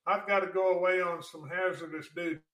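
A man's voice: sits high, fairly even intonation, fast, reverberant, distant mic, noisy background. A man co-hosting a chat show, joking and laughing often, often trailing off mid-sentence. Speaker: co-host. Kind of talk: casual chat.

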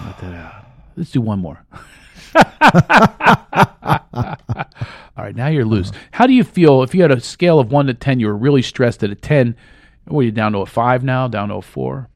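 A middle-aged man as a talk-show guest, calmly guiding listeners through a laughter and breathing exercise and often breaking into giggles. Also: medium pitch, brisk, creaky, dry recording, clean studio sound. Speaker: guest, laughter and life coach.

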